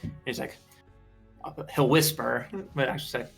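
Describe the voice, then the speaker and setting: Flat, hesitant tabletop player. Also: male voice, mid-range voice, normal speed, creaky, long pauses, faint music behind. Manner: hesitant, full of "like". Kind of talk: describing character actions in a tabletop game.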